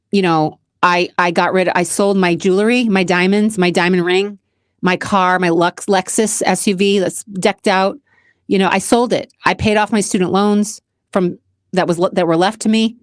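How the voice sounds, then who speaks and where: An earnest woman talks through a personal motivational monologue on her own channel. She repeats key phrases for emphasis and keeps an everyday mid-range pitch. The recording is dry and close, with no room sound. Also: no room sound. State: close to tears at times. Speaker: channel host.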